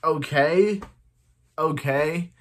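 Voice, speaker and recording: A man's voice: a little high, very slow. Man, casual episode recap, rambling, repetitive, many restarts. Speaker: episode reviewer.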